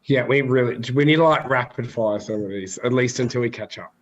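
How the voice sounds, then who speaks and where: A man co-hosting a live stream, chiming in with teasing, deadpan quips. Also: mid-range voice, a little fast, muffled recording. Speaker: co-host. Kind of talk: casual live-stream chat.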